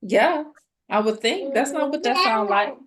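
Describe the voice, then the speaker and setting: A woman co-hosting a casual chat podcast, recapping a reality show in a slangy, animated way with voiced quotes. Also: a little high, a little slow. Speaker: podcast co-host.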